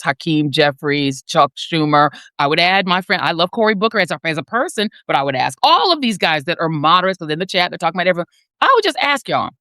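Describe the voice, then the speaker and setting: A woman's voice: fairly bright tone, no echo, studio quality. A woman in her fifties giving emphatic, sardonic political commentary as a panel guest. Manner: emphatic, sardonic, swings between high and low.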